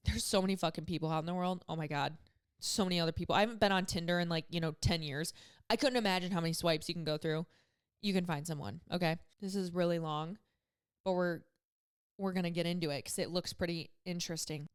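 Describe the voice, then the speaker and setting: A woman's voice: lowish voice, fast talker, clear, resonant tone. A woman in her thirties hosting a podcast, giving advice in candid, chatty talk full of "like" and casual swearing. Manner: candid, chatty, heavy use of "like", swears freely. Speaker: podcast host.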